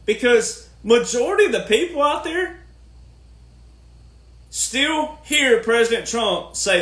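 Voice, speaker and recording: A man's voice: very high-pitched, expressive, slow, pauses often, fairly bright tone, roomy sound. A man hosting a podcast, ranting casually in an emphatic, sarcastic, lecturing way. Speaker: podcast host.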